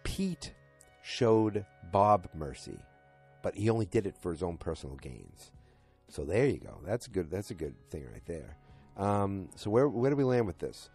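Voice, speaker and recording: A man with a deep, slightly husky voice casually recaps a TV episode, wandering through scenes and quoting characters with lots of "you know" and "like". Faint music sits underneath his talk. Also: very animated, moderate pace, darkish tone. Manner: rambling retelling full of fillers and "he's like". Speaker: podcast host recapping a TV episode.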